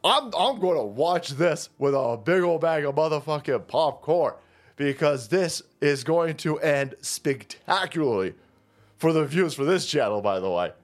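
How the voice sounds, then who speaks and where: A man's voice: on the high side, expressive, a little slow. A man hosting his own channel, delivering a foul-mouthed, mocking political rant. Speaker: commentary channel host.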